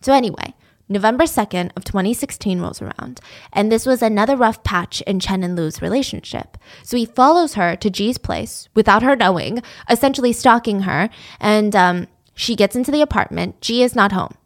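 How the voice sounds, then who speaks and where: A woman's voice: medium pitch, expressive, moderate pace. A young woman telling a true-crime story in a casual, chatty way, full of "like". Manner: chatty, lots of "like".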